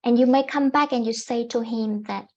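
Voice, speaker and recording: A woman life coach giving calm, gently instructive self-help advice to camera, often repeating her points. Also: a little high, moderate pace, muffled recording, a little hiss or hum.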